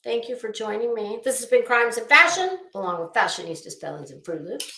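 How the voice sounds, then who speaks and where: A woman's voice: on the high side, expressive, fairly quick, sharp tone, roomy sound. A woman hosting a live commentary stream, talking in a sassy, blunt, profane way and calling people honey.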